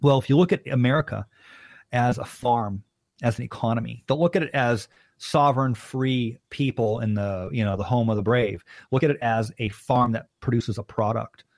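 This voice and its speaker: With vocal fry and a darkish tone, this mid-range male voice moves at a moderate pace with no room sound. The speaker, a podcast guest in his thirties from Arizona, wanders through long conversational stories and imitates the people in them.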